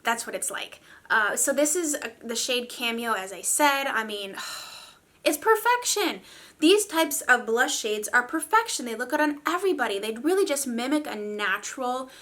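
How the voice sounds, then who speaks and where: A woman's voice: a little high, animated, moderate pace, a bit bright. A young woman reviewing makeup in a chatty, gushing way, full of fillers. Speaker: beauty vlogger. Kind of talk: casual product review.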